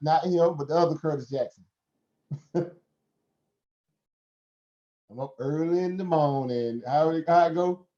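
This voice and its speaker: A man with a Southern American accent, hosting a live stream in a slightly high, warm voice. He lectures in a preachy way, throws out rhetorical questions and laughs often. The sound is roomy and a little dull. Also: a little slow, pauses often. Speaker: host. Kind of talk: casual live stream talk.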